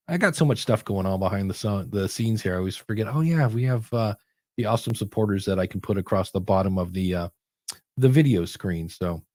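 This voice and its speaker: A man's voice: on the low side, no echo, clean studio sound. A man hosting a podcast coaching show in casual chat, telling stories animatedly and acting out quoted voices. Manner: animated storyteller who acts out quoted voices.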